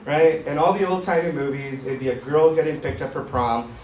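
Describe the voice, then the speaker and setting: A man doing stand-up comedy on a club stage, with a deadpan, edgy, self-mocking delivery. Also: on the high side, a little fast, slight background noise. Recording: roomy club sound from far, crowd laughter.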